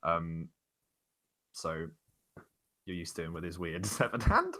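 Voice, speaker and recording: A man narrating a tabletop game as its game master, describing scenes in a halting way full of fillers. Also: deep voice, wildly swooping pitch, bright, forceful tone. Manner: descriptive, hesitant with many fillers.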